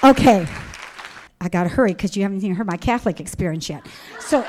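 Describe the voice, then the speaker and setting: A middle-aged woman from the American Midwest giving a personal religious testimony to an audience, animated and emphatic, acting out her own past words. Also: medium pitch, fast, pauses often, some chatter behind, a little hiss or hum.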